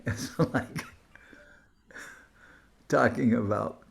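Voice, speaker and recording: Brief: male spiritual teacher, slow gravelly delivery, informal video-call talk, thinks aloud and hunts for words. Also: mid-range voice. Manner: musing, searches aloud for words and names. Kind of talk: informal online talk to devotees.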